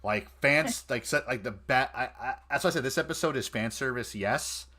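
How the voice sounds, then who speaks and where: Bright-voiced man in a casual fan chat. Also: medium pitch, moderate pace. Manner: animated, stumbling restarts, quotes scenes in voices. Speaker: podcast co-host.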